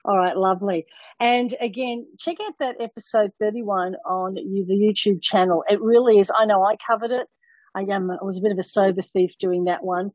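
Husky, encouraging female podcast host. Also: medium pitch, no room sound, lo-fi sound. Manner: warmly encouraging, upbeat. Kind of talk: casual podcast chat.

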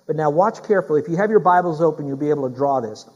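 Man, middle-aged, pastor, sermon, slightly high voice, emphatic, repetitive, questions the audience. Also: expressive, racing, darkish tone, muffled recording. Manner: emphatic, repeats key phrases, questions the congregation directly.

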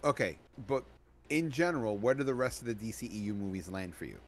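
A man's voice: lowish voice, animated, brisk. Inquisitive man on a casual podcast. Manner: conversational, asks probing questions, joking asides. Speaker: podcast co-host. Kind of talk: casual movie review chat. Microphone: podcast microphone.

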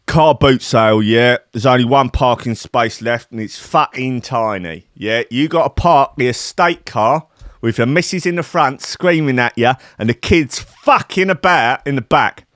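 A man putting on a gruff cockney game show host. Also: medium pitch, measured pace, a bit bright, no echo, clean studio sound, close to an everyday voice. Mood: bossy. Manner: blokey, swearing, addresses contestant as mate.

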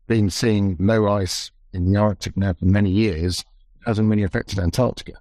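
A man with a fairly low voice tells his story in a measured, reflective manner, pausing and restarting as he thinks. The sound is dry and close, with no room around it. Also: fairly even intonation, a little mellow, no room sound. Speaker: expedition leader. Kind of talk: recounting a story in conversation.

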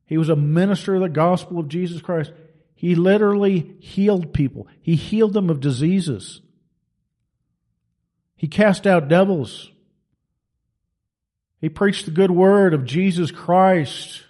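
A man's voice: sits high, unhurried, pauses often, warm tone. A man preaching a sermon in an emphatic, colloquial storytelling manner.

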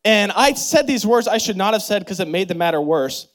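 A man in his thirties preaching a sermon as pastor, leading prayer and telling stories in an animated, expressive way. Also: fairly quick. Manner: animated storytelling with big pitch swings and laughter; leads congregation in prayer and call-and-response.

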